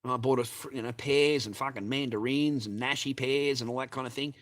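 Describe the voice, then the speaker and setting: A man's voice: medium pitch, brisk, few pauses, fairly bright tone. Profane ranting male livestreamer. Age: adult with a child. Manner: profane, heated and mocking.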